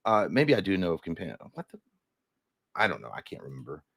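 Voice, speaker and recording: A man's voice: low-pitched, wildly swooping pitch, quick pace, creaky, no echo, clean studio sound. Rambling man chatting on a live stream. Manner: rambling, trails off and restarts, crude jokes. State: a little hungover. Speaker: co-host of a live movie news stream. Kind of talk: casual live-stream chat, reading viewer comments.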